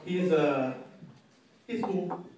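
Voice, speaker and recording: A young man with a slightly high voice rambles through a stand-up set, full of fillers and halting restarts. He sounds distant in a very echoey comedy club. Loud audience laughter rolls in behind him. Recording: echoey club, mic heard from afar, loud crowd laughter.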